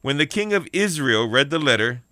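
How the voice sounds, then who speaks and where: A man's voice: medium pitch, expressive, normal speed, bright, forceful tone, no echo, studio quality. A man preaching a sermon on the radio, emphatic, repeating key lines and calling out for amens. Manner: emphatic preaching with repeated phrases and call-outs for amen.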